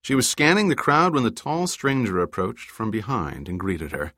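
A man narrating an audiobook in a steady, measured way. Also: lowish voice, no echo, clean studio sound. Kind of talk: scripted narration.

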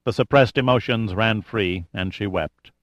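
Reading from a script, this man narrates an audiobook with steady, unhurried storytelling. His pitch is fairly low and there's no room sound at all.

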